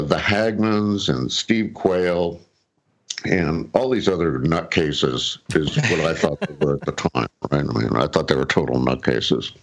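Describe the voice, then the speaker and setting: A middle-aged man casually telling a personal story, rambling with fillers and restarts and chuckling often. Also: low voice. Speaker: guest telling his story.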